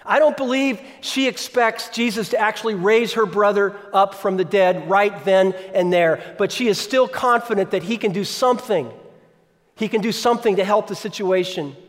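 A man's voice: high-pitched, normal speed. A man preaching a sermon as pastor, conversational, often asking the congregation questions. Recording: long reverb of a large hall.

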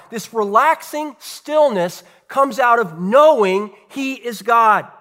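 A man, a pastor, preaching a sermon earnestly, with rhetorical questions and dramatic pauses. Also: extremely high pitch, sharp tone.

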